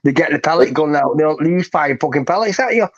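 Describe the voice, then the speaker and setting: A man's voice: a little high, lively intonation, a little fast. A man joining a livestream call, chatting casually and swearing. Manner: swearing, chatty, laughs along. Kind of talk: casual chat. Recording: dull lo-fi call audio.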